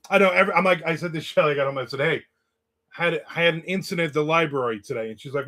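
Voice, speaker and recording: Speaking fast and expressively, this man has a somewhat high, fairly bright voice. He's a host on a relaxed livestream from the American South, spinning a story and reading out chat messages from viewers.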